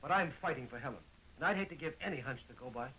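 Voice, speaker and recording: A man's voice: fairly high pitch, animated, sharp tone, a little hiss or hum, rough recording. An actor playing a lovesick young man who jokes his way through an amateur murder investigation, in 1920s film acting on an old soundtrack. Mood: eager. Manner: fast joking patter.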